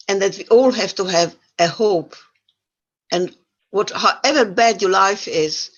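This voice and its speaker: Older woman with a central european accent, animated storyteller, dull lo-fi call audio. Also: medium pitch. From Yugoslavia. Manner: animated storytelling with wry humor. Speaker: guest speaker. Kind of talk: talk to an online audience.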